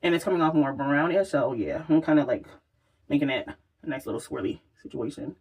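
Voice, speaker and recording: A woman's voice: low voice, fairly quick, darkish tone, slightly rough. A woman chatting casually through a makeup tutorial, exclamatory and swearing freely as she works. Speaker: makeup vlogger.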